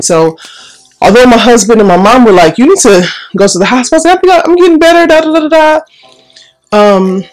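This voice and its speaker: A woman telling a personal story in a chatty, animated way, acting out what people said. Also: fairly low pitch, vocal fry, slightly rough. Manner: chatty, animated, restarts and acts out quotes. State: recovering breath after illness. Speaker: vlogger.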